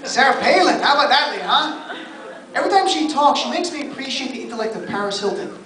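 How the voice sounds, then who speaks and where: A man's voice: extremely high pitch, expressive, fast talker. A man from New Jersey doing a stand-up set, chatting with the audience and firing off mock-exasperated asides. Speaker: stand-up comedian. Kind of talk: stand-up comedy set with crowd work. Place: comedy club stage, live audience. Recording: roomy club sound from a distance, loud crowd and noise. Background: audience laughter and chatter.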